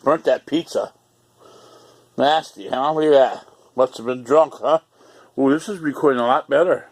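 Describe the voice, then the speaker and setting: A man's voice: mid-range voice, normal speed, pauses often. A man vlogging off the cuff, rambling and repeating himself, swearing a lot and joking around. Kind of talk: casual off-the-cuff vlog.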